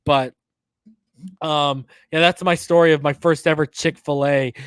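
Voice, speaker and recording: Animated man telling a story. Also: a little high, unhurried, smooth, dry recording. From northern US. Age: 30s. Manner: animated, profane, slangy. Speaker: podcast host. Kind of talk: casual storytelling.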